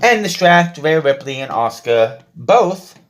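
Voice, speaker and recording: A man's voice: on the high side, big pitch swings, measured pace. A man recapping a wrestling show on his own, blunt and sarcastic, swearing freely as he goes through the matches. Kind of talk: casual solo show recap.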